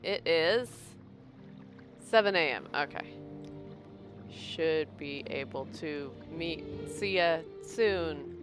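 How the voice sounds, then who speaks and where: A woman's voice: low-pitched, animated, extremely slow, soft background music. A young American woman streaming a game, chatting casually with her viewers and laughing often. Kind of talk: casual live-stream chat while playing.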